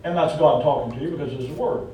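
A man with a Southern US accent delivers a conversational sermon fast and in a dark tone, folksy and emphatic, with joking asides. He's heard from far off in an echoey hall with a faint rumble.

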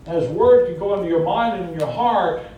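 A man's voice: lively intonation, a little fast, lo-fi sound. A man with a Southern US accent preaching a conversational sermon, folksy and emphatic, with joking asides. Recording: echoey hall from far off with faint rumble.

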